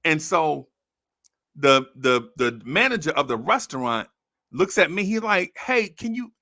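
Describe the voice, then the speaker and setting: A man with a bright, high voice and a gravelly rasp tells a comic story about his own life. He talks casually and with energy, laughing often and calling the listener bro. The recording is dry and close. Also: big pitch swings, measured pace, dry recording. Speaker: storyteller host.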